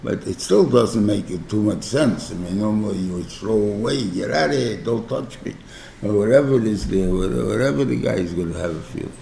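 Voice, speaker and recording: A New rabbi giving an informal class, talking conversationally, often checking in with "right?" and using everyday examples. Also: male voice, fairly low pitch, fairly quick, gravelly, hardly any pauses, warm tone, roomy sound, a little hiss or hum. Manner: explains through everyday examples. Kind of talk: informal Torah class lecture.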